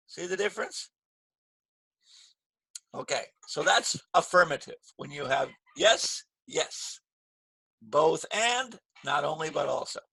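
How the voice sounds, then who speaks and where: A man teaching an English grammar lesson, slow and patient, repeating key phrases with stress. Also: on the high side, expressive, gravelly, pushed and bright, breathy edge, no echo.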